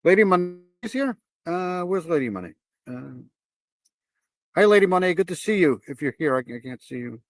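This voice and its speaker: A man's voice: on the high side, expressive, moderate pace, dry recording. A man hosts a live reaction stream and keeps breaking into exclamations and the odd curse. He lets out nervous laughs between remarks. His voice sits close and dry, with no room sound around it.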